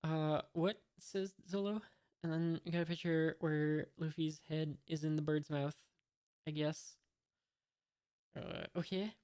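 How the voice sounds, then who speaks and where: A man's voice: fairly high pitch, a little mellow, smooth. A man from the United States reading a comic aloud for the first time, describing each panel and adding hesitant, wry asides. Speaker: manga reader, channel host.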